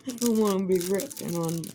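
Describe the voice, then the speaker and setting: A woman's voice: mid-range voice, mellow, a little hiss or hum, low-quality recording. A woman chatting casually while crafting, rambling and profane, with emphatic outbursts. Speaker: vlogger.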